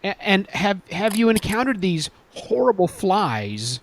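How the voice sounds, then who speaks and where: A man's voice: high voice, sing-song, unhurried, slight background noise. A man co-hosting a podcast, chatting casually with wry, joking remarks. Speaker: podcast co-host. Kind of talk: casual chat.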